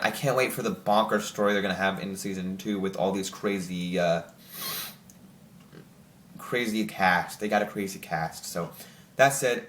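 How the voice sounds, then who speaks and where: A young man chatting casually to camera as host, excited and rambling with lots of filler words. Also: fairly low pitch, a little hiss or hum. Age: young adult. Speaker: channel host ranking TV shows. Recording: roomy echo.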